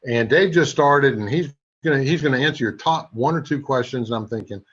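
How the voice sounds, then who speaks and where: A man in his sixties giving a sales training talk, a lively storyteller who throws quick asides to his audience. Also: medium pitch. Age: 60s. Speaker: network marketing trainer. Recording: dull lo-fi recording.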